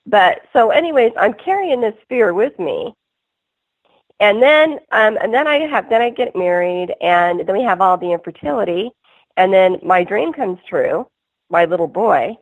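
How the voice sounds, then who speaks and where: A woman's voice: medium pitch, lively intonation, normal speed, no room sound. A woman guest on a call-in radio interview, telling her story earnestly in a rambling way, full of restarts. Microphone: phone. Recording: tinny phone line.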